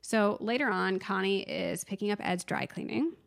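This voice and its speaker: Woman, podcast co-host, casual animated movie recap, gravelly fry, mid pitch. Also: normal speed. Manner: animated storytelling, acts out the film's lines.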